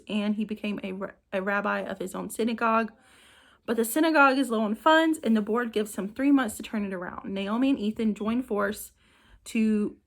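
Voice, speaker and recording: A woman reading out short book summaries for her channel, evenly, with small slips and restarts. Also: a little high. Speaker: book reviewer. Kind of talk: reading book blurbs to camera.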